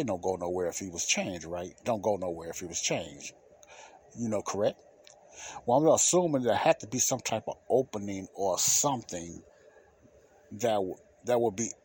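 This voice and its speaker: A man's voice: fairly low pitch, a little mellow, husky. A middle-aged man hosting a podcast, telling a personal story in loose, casual speech and laughing often. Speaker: podcast host.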